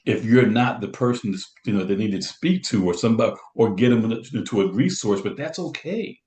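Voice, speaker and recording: A man's voice: lowish voice, lively intonation, brisk, darkish tone. A middle-aged man co-hosting a talk about first responders, speaking earnestly and often repeating words as he explains. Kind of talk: conversational podcast talk. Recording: echoey room.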